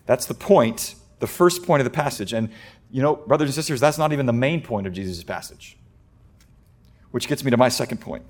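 A man preaching a sermon, animated, acting out quoted voices in loud high bursts and dropping to a soft, quiet delivery on key points. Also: fairly quick. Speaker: pastor.

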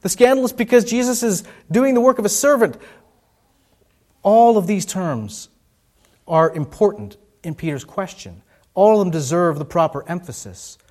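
A man's voice: expressive, normal speed. Man preaching with swelling emphasis. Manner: varies emphasis, rising for stress and dropping low and soft. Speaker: pastor. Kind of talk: sermon.

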